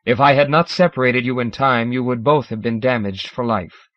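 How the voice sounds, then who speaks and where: A huge male alien elder who speaks with grave, formal reproach, as a male audiobook narrator voices him. The delivery is measured and severe. The recording is dry and a little dull. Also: mid-range voice, dry recording, lightly acted. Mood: stern.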